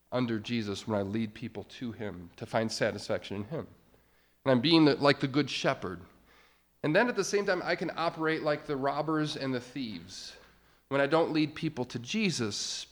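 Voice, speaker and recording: A middle-aged man preaching a sermon as pastor, moving from quiet explanation to loud, emphatic peaks. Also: medium pitch.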